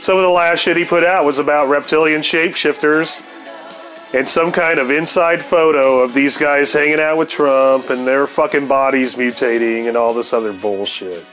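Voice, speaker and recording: A man's voice: on the high side, fairly even intonation, normal speed, a bit bright, faint music behind. A man telling a rambling, profane story on his podcast, laughing now and then. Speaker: podcast host. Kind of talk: casual storytelling monologue.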